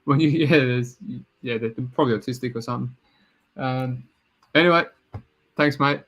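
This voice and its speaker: Male podcast host, average pitch, laid-back and halting, chatty wrap-up tone. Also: a bit bright. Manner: easygoing, halting with fillers, laughs along. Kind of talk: casual chat.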